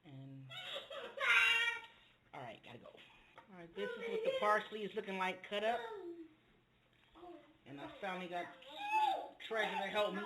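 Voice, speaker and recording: A man's voice: sits high, sing-song, normal speed, pauses often, heavy background noise. A man chatting casually to viewers as a home cook while making a meal in his kitchen, rambling from one thing to the next. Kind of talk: casual cooking video.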